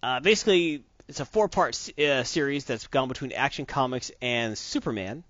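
A man co-hosting a casual comic book chat, opinionated and rambling, who slips into quick voices for the characters he describes. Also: mid-range voice, a bit bright, dry recording. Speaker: podcast co-host. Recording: dull lo-fi dry sound.

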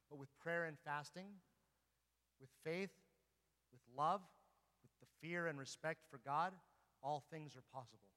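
A male priest delivers a sermon in a church, his voice bright and forceful and a little higher than most men's. He speaks earnestly and keeps turning to his listeners with rhetorical questions. A long reverb from the large hall trails behind every phrase. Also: steady tone, normal speed, long pauses. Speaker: Orthodox priest.

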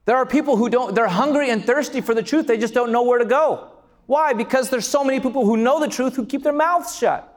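A man preaching a sermon as pastor, passionate and building to shouts on key lines. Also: very high-pitched, fairly quick. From California.

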